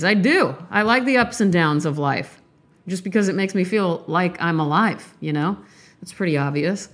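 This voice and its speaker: A woman hosting her own podcast, talking in a candid, rambling casual monologue with lively swings in pitch. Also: normal speed. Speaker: podcast host.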